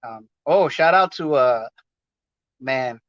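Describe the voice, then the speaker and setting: In a mid-range, animated voice, the Los Angeles host speaks slowly on his podcast, rambling casually with slang and plenty of fillers. There's no room sound, just a dull, dry, lo-fi recording.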